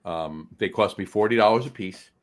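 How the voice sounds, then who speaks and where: A man's voice: on the low side, moderate pace. A man co-hosting a casual podcast, easygoing and telling anecdotes with frequent restarts. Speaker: podcast co-host.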